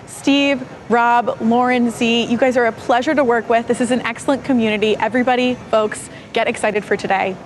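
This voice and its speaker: Friendly woman co-host, fairly high voice. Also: fairly even intonation, brisk, hardly any pauses, slight background noise. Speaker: broadcast co-host. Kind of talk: live event broadcast hosting.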